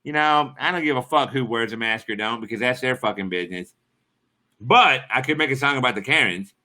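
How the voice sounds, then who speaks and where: A man's voice: mid-range voice, a little fast, pushed and bright. A man chatting on his live stream in a rambling, crude and profane way. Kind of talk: casual live-stream chat.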